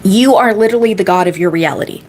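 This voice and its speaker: A woman's voice: mid-range voice, fast talker, a little mellow, slight background noise. A woman in her thirties, a manifestation coach chatting casually on a live-stream Q&A, rambling with lots of fillers and repeating key phrases for emphasis.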